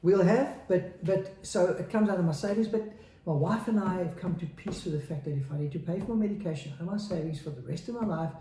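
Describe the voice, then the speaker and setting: A man's voice: high voice, fast talker, few pauses, mellow, reverberant, slight background noise. A man in his forties, a podcast guest, speaking candidly and earnestly and repeating phrases for emphasis. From South Africa. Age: 40s. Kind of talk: candid interview talk.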